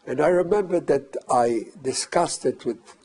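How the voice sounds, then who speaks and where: An older man recounting a personal memory as testimony, measured and halting with pauses. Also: medium pitch, darkish tone. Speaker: survivor giving testimony.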